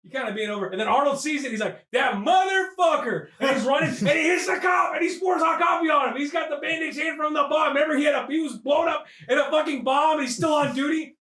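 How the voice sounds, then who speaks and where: Loud excitable high-voiced man recapping. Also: fast talker, few pauses, echoey room. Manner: loud, excitable, profane, often shouting. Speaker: podcast host. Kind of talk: comedic movie recap.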